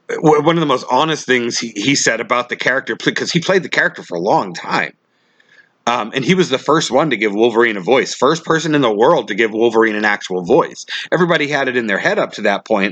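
Lively bright-voiced male podcast host. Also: medium pitch, no echo. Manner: animated, rambling storyteller. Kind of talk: casual interview chat.

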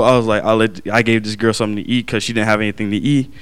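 Earnest young man, halting testimony. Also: lowish voice, flat delivery, smooth. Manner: halting, many restarts, earnest. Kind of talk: emotional personal testimony.

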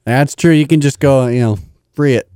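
A man who produces a radio show, chiming in with teasing remarks while the host talks. His voice is mellow and low in brightness. It is recorded dry, with no room sound. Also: moderate pace, clear, resonant tone, no echo. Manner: teasing, laughing. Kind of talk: casual studio banter.

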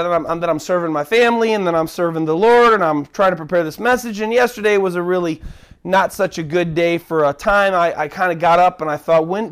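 Guy pastor with a high voice giving a sermon, earnest, stumbles and repeats words. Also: clean tone.

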